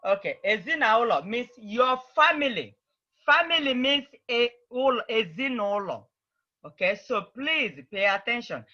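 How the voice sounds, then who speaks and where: A woman teaches over a video call, spelling out each phrase slowly and repeating it so the learners can follow. Her voice is bright and clear-edged, and the call audio is a little dull. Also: on the high side, animated. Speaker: Igbo language teacher. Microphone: computer mic on a video call.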